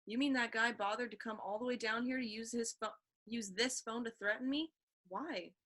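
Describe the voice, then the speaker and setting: A woman's voice: on the high side, normal speed, fairly bright tone. A woman reading the part of a stout, jumpy teenage boy who stammers when scared, in a storybook reading. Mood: puzzled.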